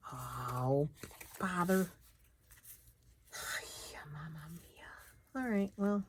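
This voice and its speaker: A woman's voice: on the low side, background noise. A middle-aged woman chatting casually while she crafts, muttering to herself as she works.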